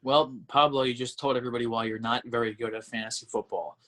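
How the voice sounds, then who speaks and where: A man's voice: medium pitch, steady tone, fast, fairly bright tone. A man hosting a casual sports podcast, making his picks with confident emphasis and reading out listener questions. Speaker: podcast host.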